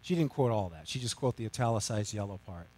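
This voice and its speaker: Animated man preaching with a dry close sound. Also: fairly low pitch, quick pace, dry recording. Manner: animated, self-mocking storytelling with big swings from loud to hushed. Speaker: pastor. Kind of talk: sermon storytelling.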